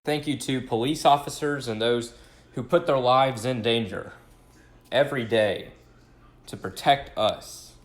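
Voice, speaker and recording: A man reading meme captions aloud in a flat, deliberate way. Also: mid-range voice.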